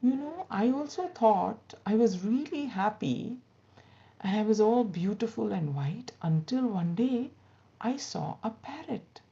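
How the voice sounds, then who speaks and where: A woman voicing a graceful white male swan who softly muses about envying another bird. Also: on the high side, animated, measured pace, vocal fry, pitched above the performer's own voice. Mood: musing. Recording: dull lo-fi recording.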